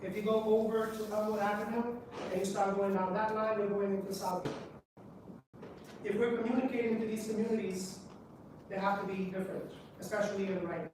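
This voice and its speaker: A man's voice: high-pitched, steady tone, a little fast. A man giving a conference presentation to a live audience, drawing listeners in with questions and repeated "right?" checks. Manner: engaging, quizzes the audience with rhetorical questions. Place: public library meeting room. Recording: echoey room, voice from a distance, background noise.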